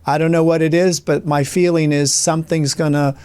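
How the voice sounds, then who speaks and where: A man's voice: a little high, little pitch movement, brisk, darkish tone, smooth, dry recording. A man hosting an interview, asking questions and offering upbeat encouragement. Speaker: interview host.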